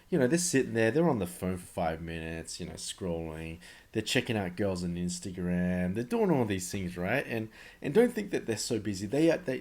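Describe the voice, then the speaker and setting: A man gives sales advice straight to camera in a loose, chatty way. His voice sits a little low, and he stresses key points hard, circling back and repeating phrases as he goes. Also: darkish tone. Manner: emphatic, conversational, often repeats himself. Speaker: sales coach. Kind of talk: casual instructional talk to camera.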